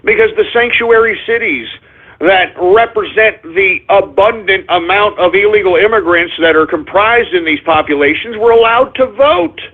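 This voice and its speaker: Actor as an angry, high-voiced talk radio host ranting on a lo-fi line. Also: male voice, normal speed. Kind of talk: political talk radio rant. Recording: narrow phone-like lo-fi sound.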